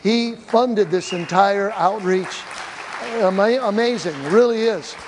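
An older male pastor telling mission stories to his church and acting out the quoted voices in an animated way. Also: high voice, takes it slowly, crowd noise, background noise. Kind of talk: church mission report with slides. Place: church hall. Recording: reverberant church hall.

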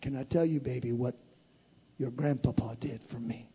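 Elderly grandmother, gentle, soft-spoken, storytelling, put on by a preacher, husky. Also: medium pitch, steady tone, normal speed. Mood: tender.

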